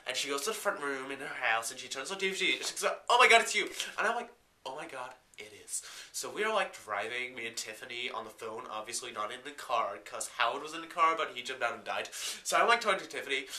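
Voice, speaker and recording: A man's voice: mid-range voice, pushed and bright, roomy sound. A man voicing a ditzy valley-girl woman who tells a wild car chase in breathless chatter full of "like" and "oh my God", in a comedy sketch.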